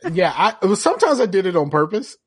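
A man's voice: sits high, big pitch swings, quick pace, breathy edge. A man hosting a podcast, laughing and swearing in casual banter with his guest. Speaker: podcast host. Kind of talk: casual chat.

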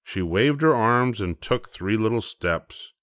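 An older man reads a children's picture book aloud in a slow, gentle, measured way. His voice sits very low. The sound is dry and close. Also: expressive, no room sound. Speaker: storybook reader. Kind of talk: bedtime story read-aloud.

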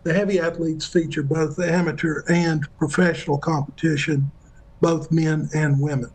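A middle-aged man, president of a Highland games, answering questions on a live TV news interview in a steady, informative way with many fillers and restarts. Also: moderate pace, husky, poor audio.

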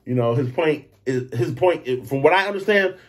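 A man hosting a podcast, telling a story in a loose, animated monologue. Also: moderate pace. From Detroit. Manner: animated storytelling, acts out others in high voices. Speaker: podcast host. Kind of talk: casual monologue.

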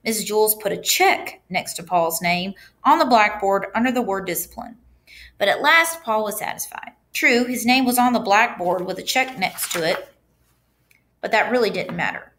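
At normal speed and in a mid-range voice, a woman teacher brings a children's chapter book to life for her class. She reads animatedly, pausing now and then to walk the students through the pages.

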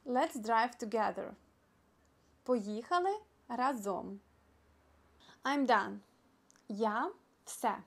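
A young woman with a Ukrainian accent, a native Ukrainian speaker teaching phrases in a casual lesson and repeating each word slowly and carefully. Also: a little high, expressive. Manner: slow, careful repetition of foreign words. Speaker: language teacher. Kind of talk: casual spoken language lesson.

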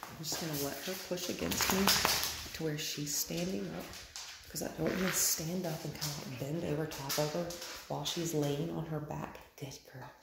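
A woman dog trainer demonstrating at home, praising softly and calmly, often dropping to a hush. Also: low voice, moderate pace, vocal fry. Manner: soft, calm praise, often hushed to a whisper. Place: indoor home room with a dog crate. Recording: roomy echo with loud background noise.

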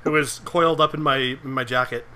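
A man's voice: mid-range voice, steady tone, a little fast, sharp tone, clear, resonant tone. A man playing in a tabletop game, speaking hesitantly with many fillers. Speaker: player. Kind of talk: casual chat at a game table.

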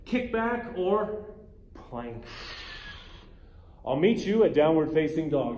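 A man leading a guided yoga class as instructor, giving calm cues with playful, joking asides. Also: on the high side, takes it slowly, long pauses. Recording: echoey room with faint ambience.

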